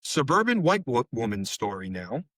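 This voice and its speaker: With no echo on the recording, a middle-aged man who is a bereaved father talks as a podcast guest in a medium-pitched, somewhat bright voice. He tells stories in an emotional interview, rambling and heated, with profane language.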